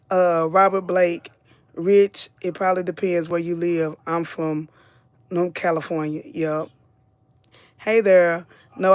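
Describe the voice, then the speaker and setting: A woman's voice: fairly low pitch, no echo. A middle-aged woman, hosting a live commentary stream, chatting casually and reading viewer comments aloud. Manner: chatty, reads viewer names aloud, drawls and repeats phrases.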